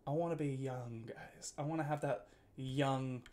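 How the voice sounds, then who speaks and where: A man's voice: mid-range voice, fairly even intonation, a little slow, mellow. A man in his twenties chatting casually on a live stream, rambling and teasing his chat with frequent laughs and filler words. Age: 20s.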